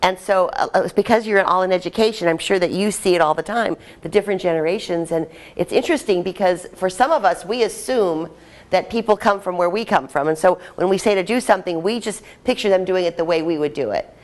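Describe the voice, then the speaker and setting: A woman's voice: on the low side, brisk. A woman trainer leading a live workshop, chatty and upbeat as she directs a group in a room.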